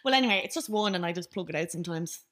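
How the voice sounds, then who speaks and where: A young woman co-hosting a podcast, chatting casually in a blunt, crude and animated way. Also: lowish voice, very fast. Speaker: podcast co-host. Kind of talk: casual chat.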